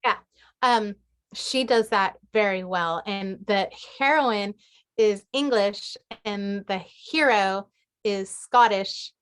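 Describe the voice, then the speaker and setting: A woman's voice: medium pitch, slow pace, a little hiss or hum. A woman author answering questions in a casual group chat on a video call, talking with many fillers and restarts. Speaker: guest author. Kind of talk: casual online group talk.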